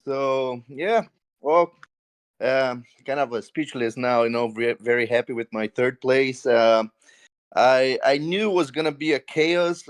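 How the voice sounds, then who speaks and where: A man's voice: mid-range voice, smooth. A racing driver talks through his race in a post-race interview. He speaks hesitantly, with many fillers and restarts. He laughs often between his thoughts.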